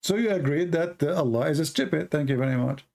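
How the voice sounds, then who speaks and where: Man, debate host, sarcastic, pushy, gravelly voice. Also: fairly high pitch, animated, a little fast, a little mellow. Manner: blunt, sarcastic, presses the caller with repeated questions. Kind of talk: live call-in debate.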